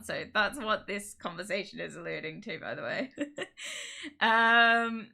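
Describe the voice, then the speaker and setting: A woman streamer chatting casually from her home office into a streaming mic, rambling and quick to laugh. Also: medium pitch, big pitch swings, vocal fry, pushed and bright. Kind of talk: casual livestream chat. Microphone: streaming microphone.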